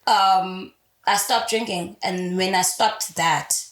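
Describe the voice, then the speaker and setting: A woman's voice: on the low side, fairly even intonation, slow pace, a bit bright. A young woman speaking candidly in a casual interview, swearing freely and telling her story with animation. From South Africa. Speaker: radio host guest. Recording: roomy echo.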